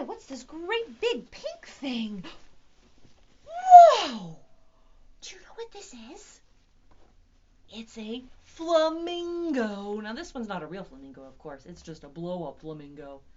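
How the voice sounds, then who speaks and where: A woman hosts a children's storytime, her voice lifting high and swooping all over in a playful, sing-song way. She speaks slowly and stretches her words out for little listeners. The recording is muffled and lo-fi, like a home video. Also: a little hiss or hum. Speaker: children's librarian. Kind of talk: virtual storytime for young children.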